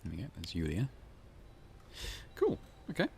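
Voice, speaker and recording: Low-voiced man muttering through a game. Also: moderate pace, creaky, noisy background. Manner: relaxed, muttering asides, reads game notes aloud. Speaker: let's play host. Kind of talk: gameplay commentary.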